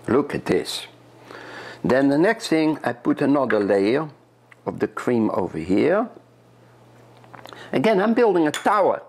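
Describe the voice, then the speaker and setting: Man from Europe, chef, cooking demo, gravelly voice, lively rising and falling pitch. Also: a little slow, pauses often. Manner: chatty, step-by-step instruction, repeats words. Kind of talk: cooking demonstration. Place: kitchen.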